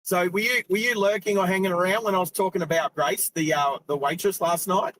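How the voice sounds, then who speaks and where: Inside a car, a middle-aged Australian man hosts a live driving stream, chatting casually, rambling and laughing often. His voice is high-pitched, steady, fairly quick and a bit bright, captured on a low-quality recording.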